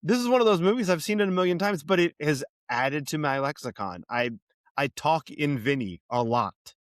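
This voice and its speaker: A man's voice: on the high side, moderate pace, dry recording, clean studio sound. A man co-hosting a podcast, talking casually about a film, swearing freely and slipping into bits of other voices. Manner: animated, swears casually, drops into impressions. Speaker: podcast co-host. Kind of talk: casual movie chat.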